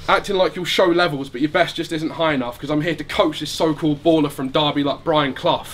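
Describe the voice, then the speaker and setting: A man's voice: fairly high pitch, fairly even intonation, a little fast, fairly bright tone, a little hiss or hum. A man in his late twenties performing at a live rap battle, trading insults in rhymed bars and laughing at his own jokes. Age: late 20s. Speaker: battle rapper. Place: live venue before an audience.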